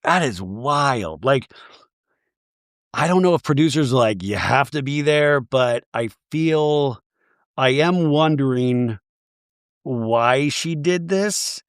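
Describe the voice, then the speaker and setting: Lively man recapping TV with jokes. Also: mid-range voice, slow, long pauses, clear, resonant tone, no room sound, studio quality. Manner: rambling, animated, jokey asides. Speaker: podcast host. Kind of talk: comedic reality-TV recap.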